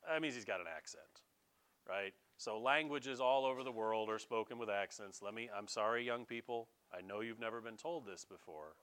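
A man's voice: lowish voice, moderate pace, a bit bright, clear, resonant tone. An American man preaching a sermon in a casual, conversational way, now and then mimicking regional accents. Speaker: pastor.

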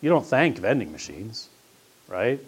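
A man's voice: fairly low pitch, big pitch swings, unhurried, husky. A man giving a sermon as a pastor and teacher, telling stories casually and building up to emphatic questions. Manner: conversational storytelling with rising emphatic questions.

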